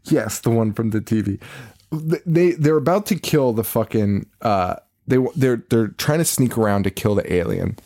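A man's voice: fairly low pitch, normal speed. A man co-hosting a podcast, casually recapping a movie with lots of swearing and laughter. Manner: profane, laughing, animated retelling. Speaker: podcast co-host.

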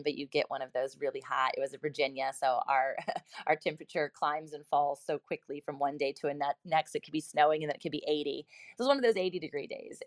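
A woman's voice: deep voice, no room sound, clean studio sound. A woman in her thirties telling a personal story in an earnest, reflective way, speaking directly to her listeners.

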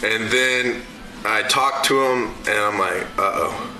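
Animated ex-player telling a locker room story, man. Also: on the low side, slow pace, echoey room, a little hiss or hum, low-quality recording. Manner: animated storyteller who acts out quotes. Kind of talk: recorded podcast storytelling.

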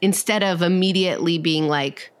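Woman, low voice, therapist, casual podcast chat, lots of "like" fillers. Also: normal speed. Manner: conversational, many fillers, acts out quoted voices.

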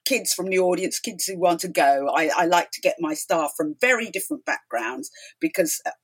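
A middle-aged woman who hosts a talk show appears as a guest in a chatty interview, telling stories emphatically and acting out quotes with animation. Her lowish voice is brisk, with a breathy edge.

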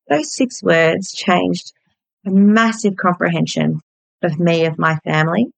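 A woman's voice: lowish voice, unhurried, gravelly, dry recording, poor audio. An Australian woman in her forties hosting a podcast, telling a personal story candidly and bluntly and swearing freely. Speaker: podcast host.

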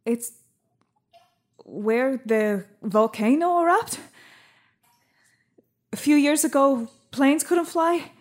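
A blunt young Estonian immigrant. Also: female voice, sits high, dry recording, clean studio sound. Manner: halting, broken English with searching fillers. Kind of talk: radio drama monologue.

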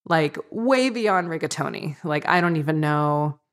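A woman's voice: low voice, lively intonation, measured pace. A woman co-hosting a podcast in casual chat, bubbly and often laughing. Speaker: podcast co-host.

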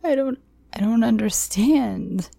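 A woman's voice: on the high side, slow pace, gravelly, dark tone, slightly rough, no room sound, voice pushed up, exaggerated voice. A woman voicing a terrified young woman who pleads through her crying. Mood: pleading.

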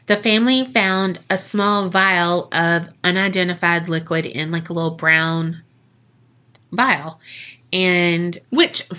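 In a casual storytelling chat, a woman hosting a podcast recounts a creepy tale with profanity and jokes. Her mid-range voice is bright and forward, her pace relaxed, and she drops "like" into her sentences often.

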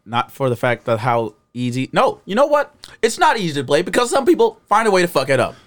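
A man who is a regular on a podcast, telling jokes and opinions in a casual, animated way. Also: fairly high pitch, brisk, no room sound. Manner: animated, jokey storyteller. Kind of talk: casual chat.

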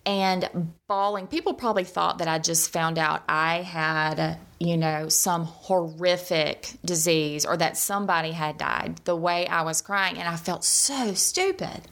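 A woman tells a personal story in a chatty, lively way. Her voice sits low and has a gravelly edge. She slips into the voices of the people she quotes. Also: a little slow, hardly any pauses.

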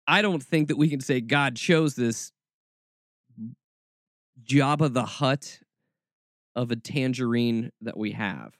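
A man hosting a podcast, giving sarcastic commentary in an animated, mocking way with lots of asides. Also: medium pitch, slow, pauses often, no echo, clean studio sound. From American South.

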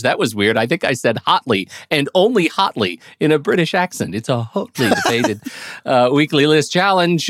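A man's voice: fairly high pitch, very animated, brisk, fairly bright tone, no echo, clean studio sound. A man hosting a podcast, chatting casually and playfully, laughing often. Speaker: podcast host. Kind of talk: casual podcast chat and ad reads.

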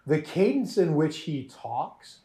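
A man's voice: a little high, big pitch swings, takes it slowly, mellow. A man hosting a podcast, chatting animatedly about a show with frequent laughs and restarts. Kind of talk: casual chat reviewing a show.

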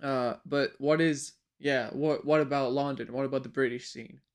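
A male host puts questions to a panel, pausing often with hesitant fillers. His voice is smooth and clear at a medium pitch. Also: fairly even intonation. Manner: questioning, hesitant with many uh pauses. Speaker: podcast host. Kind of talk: hosting a casual panel chat.

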